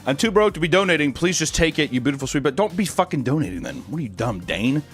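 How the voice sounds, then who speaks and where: A man's voice: a little high, lively intonation, fast, faint music behind. Joking, crude male streamer. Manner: crude, joking, sarcastic asides. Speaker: streamer reading fan messages. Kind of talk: casual chat.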